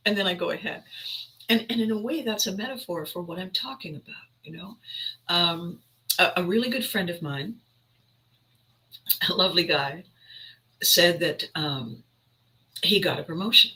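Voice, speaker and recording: A woman's voice: lowish voice, animated, moderate pace, pauses often, pushed and bright, rough recording. A woman hosting a livestream, telling a rambling, reflective story in a chatty way and often interrupting herself. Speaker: livestream host. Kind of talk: casual reflective monologue.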